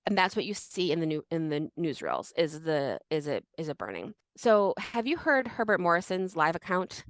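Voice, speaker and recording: A young woman co-hosting a casual history podcast, animated and full of fillers. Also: lowish voice, normal speed, no echo. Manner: animated, many fillers and restarts. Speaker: podcast co-host.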